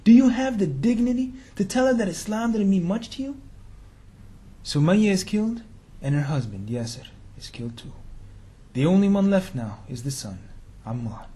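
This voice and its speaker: A man's voice: sits high, animated, normal speed, mellow. A man telling a religious story in a sermon, talking casually and slangily and firing rhetorical questions at his listeners. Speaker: preacher.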